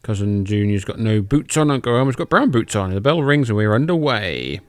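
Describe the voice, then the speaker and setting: A man's voice: fairly low pitch, very animated, fairly quick, no echo. A podcast host, a man, casually calling old wrestling matches in a loose, joking and profane way. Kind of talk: casual play-by-play commentary over old footage.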